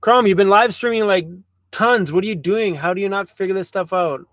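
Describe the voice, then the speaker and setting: A Canadian man hosting a casual livestream from inside a camper van, chatty and loose, with frequent fillers and quick apologies. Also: high voice, fairly bright tone, no room sound. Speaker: livestream host.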